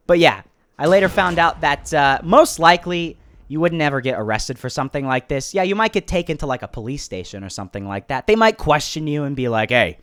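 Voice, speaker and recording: A man narrating a storytime vlog in an excitable, animated way, making fun of himself. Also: high-pitched. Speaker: YouTuber.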